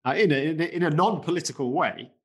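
A man's voice: fairly high pitch, quick pace, slightly rough. Man explaining markets conversationally. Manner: explanatory, conversational, repeats for emphasis. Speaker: podcast co-host, market commentator. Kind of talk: casual finance podcast chat.

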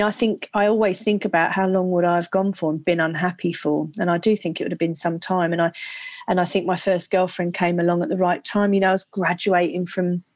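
A woman from England, an actress and comedian telling her story as a podcast guest, halting and repeating herself. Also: lowish voice, no room sound. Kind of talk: casual interview chat.

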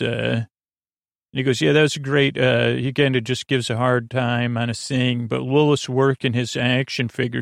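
A man hosting a podcast, loosely retelling a television episode in a halting, casual way with many fillers and restarts. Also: medium pitch, creaky, no echo, studio quality. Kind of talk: sleepy casual retelling of a story.

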